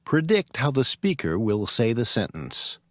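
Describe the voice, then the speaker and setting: A man announcing units in a lesson recording in a measured, deliberate way. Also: mid-range voice, big pitch swings.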